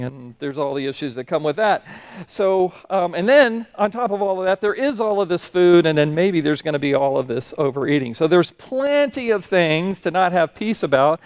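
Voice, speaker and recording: A man's voice: high-pitched, normal speed, smooth, no room sound. A middle-aged man preaching a sermon in a conversational, self-deprecating way, telling jokes and stories. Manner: conversational, self-deprecating, animated storytelling voices. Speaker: pastor. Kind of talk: sermon with humorous anecdotes.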